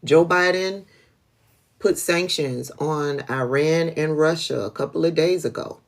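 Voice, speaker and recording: A woman's voice: sits low, a little slow. A woman hosting a casual political livestream, blunt and profane, often laughing, speaking. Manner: blunt, profane, laughing, talks to chat viewers by name.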